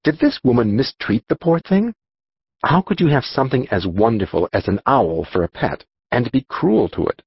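Expressive man narrating an audiobook. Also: medium pitch, moderate pace, slightly rough, no room sound, muffled recording. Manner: expressive storytelling, voicing dialogue.

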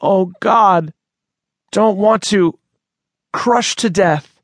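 Guy putting on a scared teen boy, high strained voice, frantic and begging, dry audiobook read. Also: lively intonation, extremely slow, husky, dry recording, full character voice. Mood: breathless. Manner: pleading, frantic and breathless. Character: panicked teenage boy trapped in his car.

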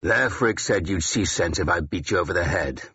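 A man's voice: low voice, lively intonation, normal speed, sharp tone, slightly rough, dull audio, full character voice. A man voicing a growling old Saxon lord. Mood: gruff. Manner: snarling, growling, blunt and weary. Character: gruff battle-hardened older Saxon ealdorman, blunt. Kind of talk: audiobook character voice.

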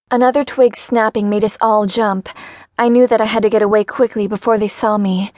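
A woman narrating a first-person romance audiobook in an even, measured reading voice. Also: mid-range voice, no echo, studio quality.

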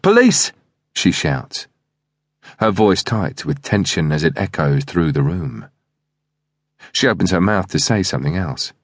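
A man narrating an audiobook thriller in the first person, reading in a measured, steady way. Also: low-pitched, dry recording, clean studio sound.

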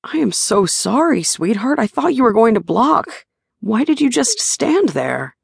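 A woman's voice: on the high side, sing-song, measured pace, creaky, breathy edge, no echo, studio quality, voice pushed up, exaggerated voice. A woman reading the part of a young man, a worried and teasing sparring partner, in an audiobook. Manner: caring, teasing.

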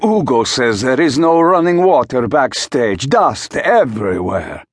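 Male narrator as a grand, fussy opera tenor; raised pitch, big gestures in the voice. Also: sing-song, a little slow, breathy edge, no echo, clean studio sound. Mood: worried, theatrical. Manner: theatrical, fussy, self-important. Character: vain, dramatic star tenor, grown man.

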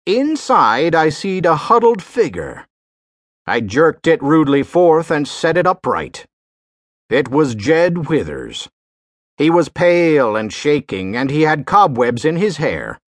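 A man narrating an audiobook in the first person, in a folksy drawl with rough sailor dialect. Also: a little high, sing-song, slow pace, no echo, studio quality.

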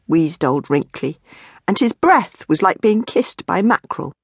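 A woman reading her own children's book aloud, with a playful, expressive delivery and whispered asides. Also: on the low side, measured pace, breathy edge, no room sound, clean studio sound. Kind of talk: expressive storybook narration.

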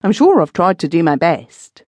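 A woman voicing a scheming middle-aged housekeeper in an audiobook, dry and quietly menacing. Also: fairly low pitch, sing-song, moderate pace, no room sound, voice pushed up. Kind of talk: audiobook reading.

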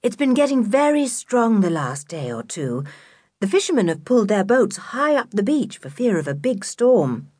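A kind, fussing mother from a children's storybook, as a woman narrator voices her, gentle and soothing, often dropping to a soft, breathy hush. Her pitch moves a lot, and the recording is close and dry. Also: big pitch swings, moderate pace, no echo.

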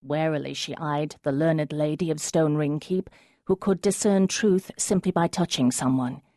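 Woman narrator, audiobook, measured and expressive, low voice, dry close sound. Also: no room sound. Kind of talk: scripted narration.

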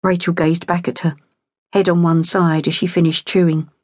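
A woman narrating an audiobook in a steady, measured storytelling voice, close to a studio mic. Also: on the low side, no room sound. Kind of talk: scripted narration.

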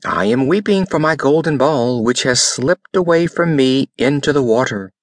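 A man's voice: mid-range voice, animated, moderate pace, no echo, studio quality, voice pushed up, natural voice. A man voicing a spoiled young princess in an eager, pleading way.

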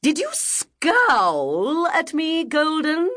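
A woman's voice: wildly swooping pitch, fairly bright tone, heavily acted. A woman voicing a prim, sanctimonious woman guardian who scolds a child, reading an audiobook. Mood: reproving. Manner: shrill, preachy, slow and deliberate.

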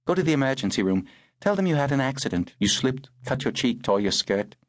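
A man's voice: mid-range voice, very animated, brisk, no room sound, studio quality, voice pushed up, lightly acted. A man reading the lines of a poised, wry older upper-class woman in an audiobook.

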